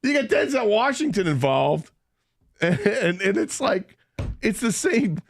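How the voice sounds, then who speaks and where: Lively, laughing radio host man. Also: high-pitched, a little slow, a little hiss or hum. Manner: animated storytelling, laughs often. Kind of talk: casual sports radio banter.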